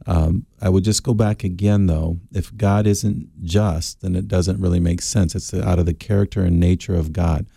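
A middle-aged man answering Bible questions as a radio guest, earnest and halting with fillers. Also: sits low, gravelly, dark tone, husky, no room sound, studio quality.

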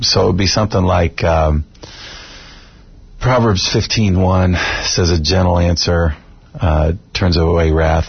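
Middle-aged male Bible teacher, very low raspy voice, earnest radio guest, dull recording. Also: no echo. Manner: earnest, measured, quotes scripture. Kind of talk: radio talk show conversation.

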